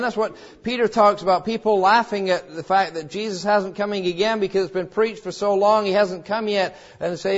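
A man preaching a sermon in an emphatic way, swinging between loud exhortations and quiet, low passages. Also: fairly even intonation, moderate pace, hardly any pauses, dull audio. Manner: emphatic preaching with wide swings in pitch and loudness.

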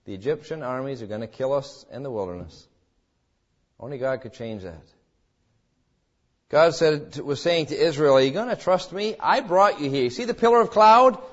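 A man preaching a sermon as pastor, swinging between calm teaching and dramatic, acted-out quoted cries. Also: a little high, moderate pace, dull audio. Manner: preaching with dramatic rises, voicing quoted cries and God's words.

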